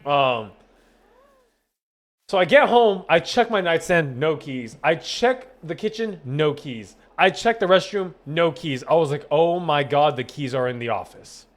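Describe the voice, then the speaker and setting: A young adult man, a gaming streamer, telling a long story to his stream chat in a rambling, profane, animated way, acting out what everyone said. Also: fairly high pitch, measured pace. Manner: rambling, profane, animated retelling with quoted dialogue.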